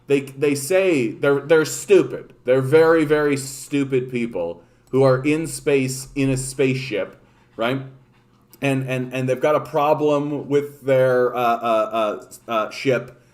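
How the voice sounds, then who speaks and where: Male livestream host from Canada, mid-pitched, rambling sarcastic rant full of swearing and false starts. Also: measured pace, darkish tone. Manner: profane, rambling, sarcastic, many restarts. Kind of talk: casual ranting livestream chat.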